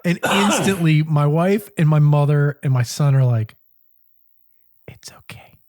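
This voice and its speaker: A man telling a story in casual podcast chat, swearing constantly. He jumps into his own past words with lively, exaggerated delivery, like a co-host riffing with a friend. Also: fairly high pitch, moderate pace. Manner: profane, animated storytelling, quoting himself. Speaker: cooking school podcast co-host.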